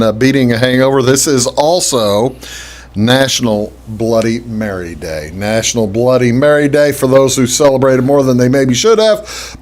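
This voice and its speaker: A man hosting a casual talk show, chatting in a halting way with many fillers and restarts. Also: mid-range voice. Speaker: host. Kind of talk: casual radio-style talk show chat.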